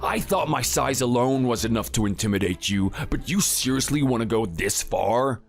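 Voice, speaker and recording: Man voicing a sneering muscle-bound bully, lively pitch, taunting, synthetic texting-story read, faint music. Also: normal speed, creaky. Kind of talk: text-to-speech texting story.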